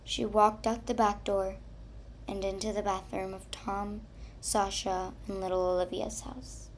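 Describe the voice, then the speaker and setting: A woman reading a children's story aloud in a slow, expressive way. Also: mid-range voice, slight background noise. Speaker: narrator.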